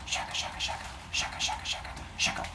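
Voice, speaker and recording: A man's voice: a little high, big pitch swings, normal speed, fairly bright tone, roomy sound, recorded from a distance, a little hiss or hum. A man voicing a clever, kindly male titan, talking playfully and casually in a myth retelling.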